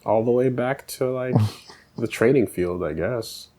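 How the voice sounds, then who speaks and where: A man's voice: mid-range voice, measured pace, mellow. A man hosting a game playthrough, chatting casually, rambling and joking with frequent laughs. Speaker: host.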